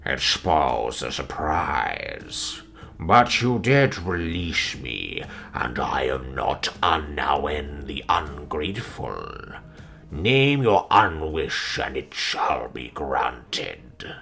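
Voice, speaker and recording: A man voicing a sly, gloating male greater demon in a deep, slow, menacing half-whisper, set against background music. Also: big pitch swings, creaky, bright, forceful tone, full character voice.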